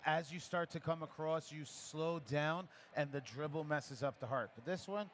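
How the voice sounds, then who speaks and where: Brief: male barista instructor, slightly high voice, chatty encouraging coach, live festival demo. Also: a little hiss or hum. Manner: encouraging, chatty, gives quick pouring cues. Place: coffee festival demo area.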